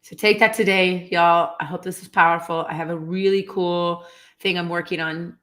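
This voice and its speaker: A woman with a slightly low voice gives an earnest motivational talk straight to her viewers. She gets animated and emotional as she goes, pausing and restarting her sentences. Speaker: motivational vlogger. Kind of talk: casual motivational talk to camera.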